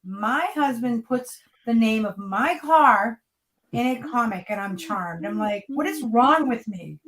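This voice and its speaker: Co-host: woman, somewhat high voice, animated teasing storyteller. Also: a little slow, rough recording. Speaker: co-host, creator's wife. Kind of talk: casual chat.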